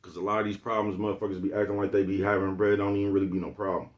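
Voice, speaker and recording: A man's voice: low voice, little pitch movement, rapid-fire, dull audio. A man giving a laid-back motivational vlog monologue, who keeps repeating "you know what I'm talking about.". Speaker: vlogger.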